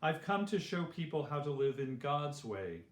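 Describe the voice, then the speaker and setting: A man voicing a calm, gentle teacher who calls himself a king, speaking earnestly in a children's story. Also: fairly high pitch, normal speed. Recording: roomy echo.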